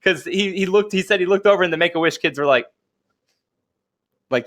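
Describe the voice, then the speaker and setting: In a high-pitched, fairly bright voice, this young man co-hosts a laid-back podcast, speaking a little fast. His stories wander, he laughs a lot, and he often leaves sentences unfinished.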